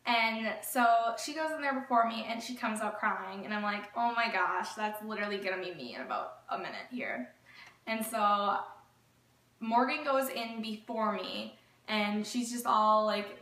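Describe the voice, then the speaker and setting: A woman's voice: mid-range voice, a bit bright. A woman vlogger telling a story in a gushing, chatty way, with lots of filler words. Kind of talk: casual storytelling vlog. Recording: echoey room, mic at a distance.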